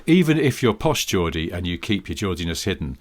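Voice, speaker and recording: Low-voiced british guy cohosting a chatty podcast, really lively, keeps laughing and humming tunes. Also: brisk. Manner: animated, laughs often, scats theme tunes. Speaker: podcast co-host. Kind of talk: casual chat.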